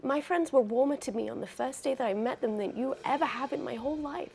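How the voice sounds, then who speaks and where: A woman player in a tabletop game, speaking in character with a defiant, sharp manner. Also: high-pitched, fast, vocal fry, slight background noise. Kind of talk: in-character tabletop role-play.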